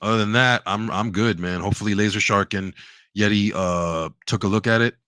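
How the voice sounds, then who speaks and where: A man's voice: on the low side, fairly even intonation, fairly quick, bright, forceful tone, smooth, no echo. A man co-hosting a casual review podcast, talking animatedly and acting out scenes in quoted voices, often laughing. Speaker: podcast co-host. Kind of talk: casual chat, show review.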